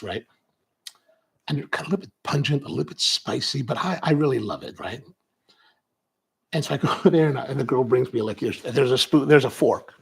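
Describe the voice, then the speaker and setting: A man's voice: medium pitch, gravelly, darkish tone, husky. A middle-aged man telling a casual, rambling story, often stopping and restarting, with an amused tone. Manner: rambling, self-interrupting, amused. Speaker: coffee vlogger. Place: suburban Baltimore area.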